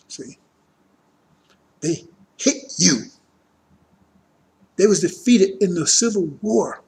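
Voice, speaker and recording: Slight background noise accompanies a man whose voice is a little high and darkish in tone. Addressing a congregation as a religious teacher, he preaches a political lecture emphatically, with rhetorical questions and frequent check-ins.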